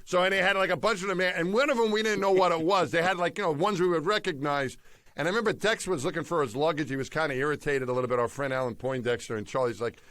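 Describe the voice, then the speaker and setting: A man's voice: a little high, rapid-fire, fairly bright tone, no echo. A man from New York City, a co-host telling rambling anecdotes in casual chat, laughing often. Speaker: podcast co-host.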